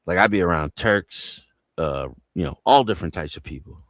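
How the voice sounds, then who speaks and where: A man's voice: deep voice, expressive, normal speed, a bit bright, no echo. A man from New Jersey on a live panel, telling loose stories full of street slang and swearing. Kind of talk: casual live panel chat.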